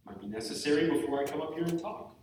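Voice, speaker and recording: A man's voice: a little high, animated, very fast, a little mellow, recorded from a distance, a little hiss or hum. A man giving a candid, joking and self-deprecating talk to a live group at a retreat. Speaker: retreat speaker. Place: large room with an audience. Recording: echoey hall, mic from afar.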